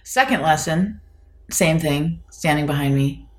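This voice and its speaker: Low-voiced woman telling a story. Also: a little slow. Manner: animated storyteller, mimics voices in quotes, laughs often. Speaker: podcast co-host; piano teacher. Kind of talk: storytelling in casual chat.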